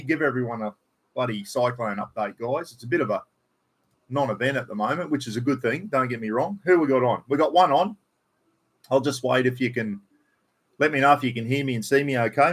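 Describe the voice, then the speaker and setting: A man's voice: mid-range voice, breathy edge. A man with an Australian accent chatting casually to viewers on a home livestream, swearing freely and reading out names. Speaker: livestream host. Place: at home indoors. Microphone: computer livestream.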